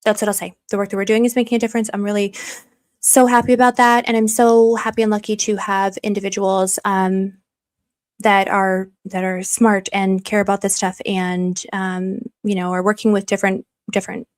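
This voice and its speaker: A woman's voice: medium pitch, level tone, moderate pace, clear, resonant tone. A woman hosting a casual livestream from home, gushing over viewers' comments and rambling through stories. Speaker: livestream host reading chat.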